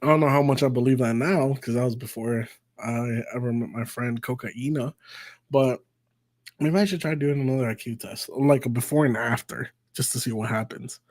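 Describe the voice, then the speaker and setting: A man's voice: mid-range voice, normal speed, a little mellow. A man hosting a live stream, telling a story in a casual, profane, rambling way and laughing at himself. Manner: profane and rambling, with frequent swearing and restarts; self-mocking, laughs at his own story.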